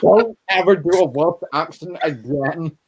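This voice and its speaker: A man's voice: fairly high pitch, a little slow, heavy background noise. A man hosting a casual movie chat, rambling with stammering restarts and swearing freely.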